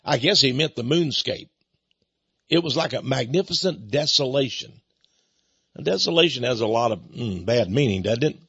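A man's voice: medium pitch, expressive, moderate pace, a bit bright, breathy edge, no echo, muffled recording. An older man hosting a talk radio show, rambling in a folksy way with chuckling asides. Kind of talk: talk radio monologue with book pitch.

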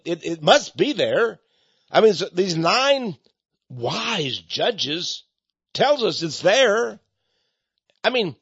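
A man's voice: sits high, fairly bright tone, breathy edge, no room sound. A man preaching a mocking, sarcastic monologue from his ministry. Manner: sarcastic, mocking, laughs scornfully. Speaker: ministry speaker. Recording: dull lo-fi recording.

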